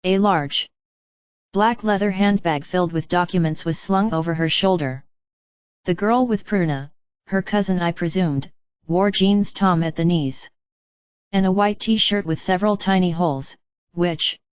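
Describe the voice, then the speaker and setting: A woman narrating an audiobook in a measured, even storytelling read. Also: fairly low pitch, smooth, no echo, muffled recording. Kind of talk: scripted narration.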